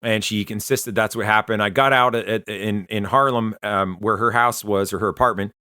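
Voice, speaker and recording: A man recounts his own testimony in an earnest, conversational way, stopping and restarting as he goes. His voice is bright and forceful. The recording is dry, with no room sound. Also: fairly low pitch, steady tone, no echo. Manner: earnest, conversational, halting retelling. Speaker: Christian testimony speaker. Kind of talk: personal testimony storytelling.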